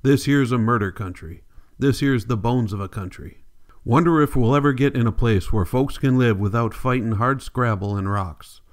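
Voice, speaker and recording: A man's voice: mid-range voice, moderate pace, lightly acted. A man reading the part of a restless young farmhand in plain rural folk speech. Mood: wondering.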